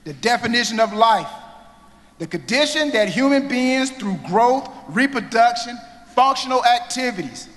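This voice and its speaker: Male commencement speaker, high voice, unhurried and dramatic, hall reverb. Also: animated. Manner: slow, dramatic delivery with long pauses and sudden drops to a hush. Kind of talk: inspirational commencement speech. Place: large indoor hall. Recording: long reverb of a large hall.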